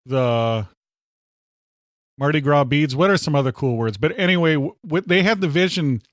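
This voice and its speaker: A man's voice: a little high, moderate pace, dry recording, studio quality. A man co-hosting a podcast, joking through a food review with playful hyperbole and frequent interjections. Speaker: podcast co-host. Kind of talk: casual food review chat.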